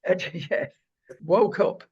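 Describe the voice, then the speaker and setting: A man's voice: sits high, slow pace, husky, highs cut off. A man hosting a casual talk show, opinionated and wry.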